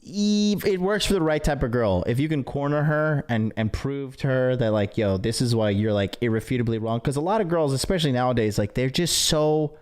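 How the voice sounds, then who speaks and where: A man's voice: on the high side, animated, moderate pace, hardly any pauses, clean tone. A man hosting a podcast who reacts with laughter and reads chat comments aloud in casual commentary. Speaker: podcast host.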